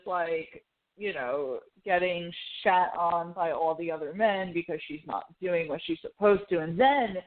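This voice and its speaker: A woman co-hosting a podcast, chatting casually and emotionally, with lots of fillers and acted-out quotes. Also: on the low side. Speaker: podcast co-host. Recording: tinny phone-like audio.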